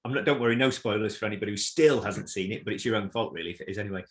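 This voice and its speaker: Quick-talking bloke in his 50s, jokey, cuts in a lot. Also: fairly low pitch. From south Manchester, England. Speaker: podcast co-host. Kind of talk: casual chat among friends.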